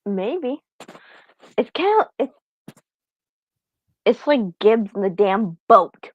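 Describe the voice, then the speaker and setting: A woman's voice: fairly high pitch, big pitch swings. Blunt young woman on a dull podcast line. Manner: blunt, swears casually, quick to laugh. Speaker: podcast co-host. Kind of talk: casual fan chat.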